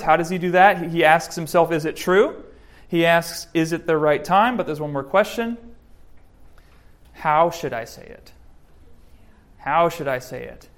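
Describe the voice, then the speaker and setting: A man giving a sermon, preaching in a lively, joking way with lots of rises and drops in voice. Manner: lively, joking preaching, varied pitch and loudness. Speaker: pastor.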